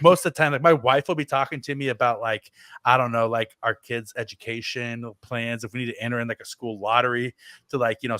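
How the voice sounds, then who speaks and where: A man's voice: mid-range voice, a bit bright, smooth, no echo, clean studio sound. A man in his thirties on a podcast, telling stories in a rambling, self-deprecating way. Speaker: podcast co-host. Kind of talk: casual podcast chat.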